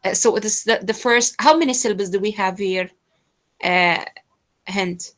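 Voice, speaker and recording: A woman's voice: mid-range voice, moderate pace, fairly bright tone, poor audio. A woman teacher leads an online pronunciation lesson, hesitant and full of fillers. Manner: hesitant, many fillers, switches into Arabic to explain.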